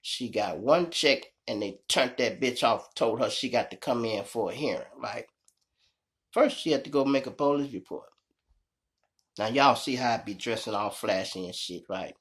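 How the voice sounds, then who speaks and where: A man's voice: medium pitch, moderate pace. A man with a Chicago accent, telling a story in a casual, profane way and keeping up a running chat with his audience. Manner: animated, profane, keeps addressing the audience. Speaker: storyteller host.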